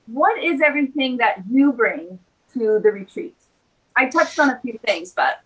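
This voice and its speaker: A woman's voice: on the high side, animated, normal speed, a bit bright, slightly rough, poor audio. A woman in her thirties hosting a casual chat, talking with emotional enthusiasm. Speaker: host.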